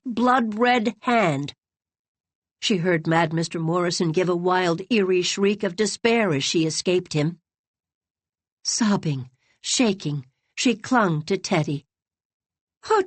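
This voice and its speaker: A woman reading a novel aloud as an audiobook narrator, in an expressive, dramatic storytelling manner. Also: on the low side, dry recording. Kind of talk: scripted narration.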